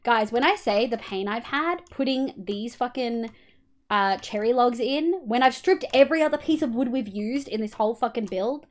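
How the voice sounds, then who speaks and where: Young woman, Australian accent, slightly high voice, casual stream chat, swears a lot, hums sound effects. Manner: swears freely, hums and makes sound effects while building. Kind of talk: casual livestream chat while gaming.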